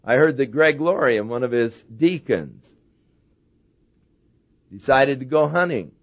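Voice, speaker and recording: A man's voice: mid-range voice, lively intonation, a little slow. A man preaching a sermon as a pastor, telling humorous stories. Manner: anecdotal, humorous storyteller. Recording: dull lo-fi sermon recording.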